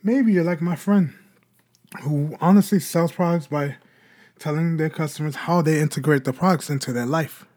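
A man's voice: a little high, moderate pace, darkish tone. Man explaining with rhetorical questions. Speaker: podcast host. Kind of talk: casual solo podcast talk.

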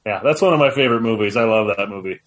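A man co-hosting a podcast, recounting things with quick enthusiasm in casual chat. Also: lowish voice, crowd noise. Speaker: podcast co-host.

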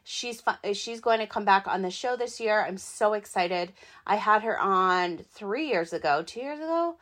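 A woman in her thirties hosting her own podcast, talking in a chatty, excitable, rambling way with lots of fillers. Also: mid-range voice, normal speed. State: hiccups. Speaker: podcast host. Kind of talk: casual solo podcast talk.

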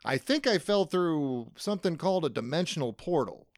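A man playing a rambling, deadpan vault dweller from a wasteland, improvising as a comedian in character with a dry sound. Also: on the high side, moderate pace, dry recording.

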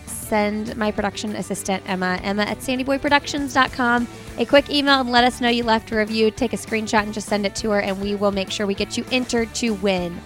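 A woman's voice: mid-range voice, brisk, few pauses, a bit bright, soft background music. A woman hosting a podcast, chatty and upbeat as she introduces a guest and interviews her. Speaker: podcast host.

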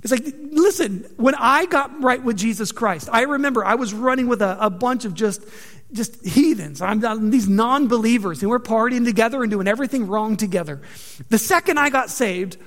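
A man preaching a sermon, conversational and joking, with animated delivery. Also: sits high, long reverb tail. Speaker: pastor.

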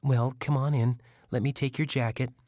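A man's voice: mid-range voice, fairly even intonation, normal speed, no echo, studio quality, voice pushed up, lightly acted. A man voicing a weary older mother in an audiobook, blunt and nagging with her grown son. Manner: sharp-tongued, nagging.

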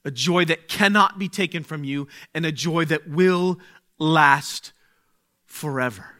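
A man preaching a sermon, speaking slowly and deliberately, dropping to a hush and then rising to exclaim. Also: fairly high pitch. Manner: slow, deliberate, swings from hushed to exclaiming.

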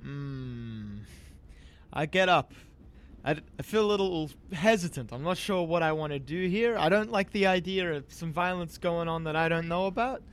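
A man playing a tabletop game, describing his character's actions with halting restarts. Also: high voice, smooth. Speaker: player. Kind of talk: casual in-character play.

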